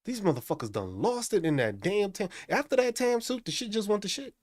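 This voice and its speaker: Profane, animated male live stream host. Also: high-pitched, brisk, no room sound, studio quality. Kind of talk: casual live stream rant.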